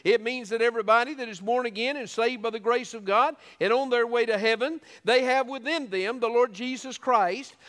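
High-voiced preaching man in a reverberant church. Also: a bit bright. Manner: earnest preaching with repeated restarts. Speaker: pastor. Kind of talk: sermon.

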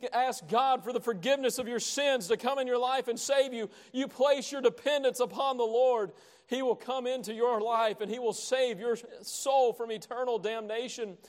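A man preaching a sermon with passion, swinging between hushed lines and loud cries. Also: very high-pitched, long reverb tail. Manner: impassioned, dramatic swings from soft to loud.

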